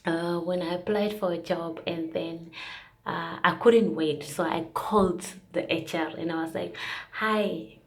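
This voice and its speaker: A woman's voice: lowish voice, fairly even intonation, a little slow, vocal fry. A young woman vlogger sharing a casual, earnest faith testimony, rambling with fillers and restarts.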